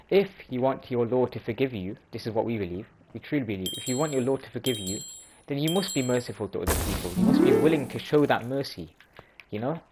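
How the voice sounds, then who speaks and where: A man's voice: medium pitch, background noise. Casual man explaining hadith. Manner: informal, restarts and self-corrections. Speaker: religious video host.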